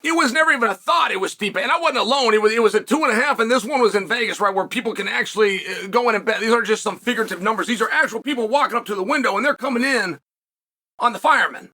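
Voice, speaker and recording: Man, host, solo commentary, emphatic, storytelling, high voice, husky. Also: sharp tone. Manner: emphatic, storytelling, drawn-out dramatic pauses. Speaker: show host.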